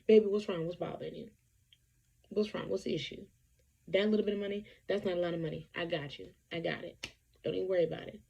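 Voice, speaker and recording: A woman's voice: fairly low pitch, fast talker, creaky, warm tone, breathy edge, poor audio. A woman voicing a generous, reassuring boyfriend who brushes off worries. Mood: soothing. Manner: soothing, dismissive of worries.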